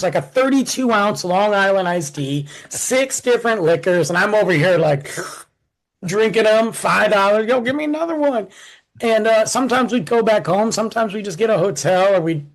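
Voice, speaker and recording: Brief: man, 40s, podcast co-host, casual storytelling, bouncy high delivery, acts out quotes. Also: rough recording. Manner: animated, acts out quotes with shifting voice.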